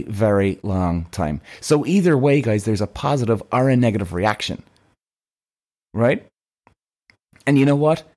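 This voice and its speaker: A young adult man chats straight to camera in a casual vlog, swearing freely and calling his viewers guys. His voice sits at an ordinary middle pitch but swings widely up and down as he gets worked up. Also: dark tone. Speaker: vlogger.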